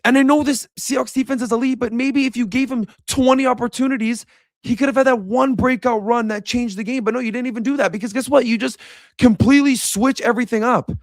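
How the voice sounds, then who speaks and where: A man's voice: very high-pitched, steady tone, fast talker, no echo, clean studio sound. A young man giving a casual, frustrated reaction rant as a sports commentator, repeating himself as he vents.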